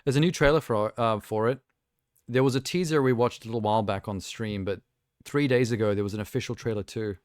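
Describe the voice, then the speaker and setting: Smooth low-voiced male streamer chatting. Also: a little fast, darkish tone, dry recording, studio quality. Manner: rambling, chatty, self-amused asides. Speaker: live streamer. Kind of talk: casual chat while reacting to trailers.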